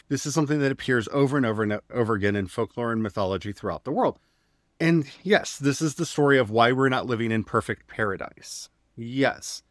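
A man's voice: medium pitch, no room sound. A man co-hosting a podcast about faith, with a mid-range voice recorded close and dry. He retells old stories in a wry, glib way, talking casually and with a sense of humor. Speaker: podcast co-host. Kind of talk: casual religious discussion podcast.

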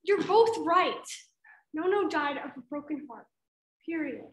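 Woman as a blunt granddaughter, matter-of-fact, high voice, echoey room. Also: animated, a little slow. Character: calm blunt young granddaughter, law student. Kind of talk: stage play.

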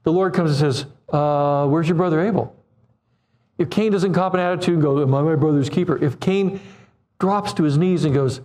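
A man in his seventies preaching a sermon, animated, acting out quoted voices and putting questions to the congregation. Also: on the high side, moderate pace. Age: 70s.

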